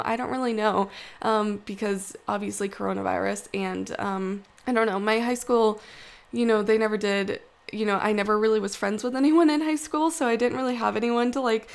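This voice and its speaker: A woman's voice: on the high side, vocal fry. A woman in her twenties with a groggy morning voice, chatting in a rambling, self-deprecating way full of fillers over a video. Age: 20s. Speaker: video creator. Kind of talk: casual chat voice-over.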